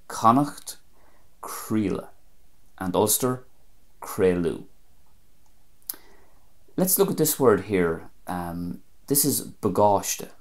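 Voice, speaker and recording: Man, very low voice, language teacher, measured, repeats example words slowly. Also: darkish tone. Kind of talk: spoken language lesson.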